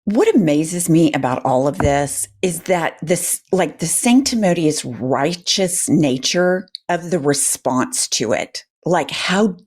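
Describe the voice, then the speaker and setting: A woman's voice: low voice, animated, slow, few pauses, a little mellow, slightly rough. A woman co-hosting a political commentary show, speaking indignantly and with frequent swearing. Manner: indignant and profane. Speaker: co-host.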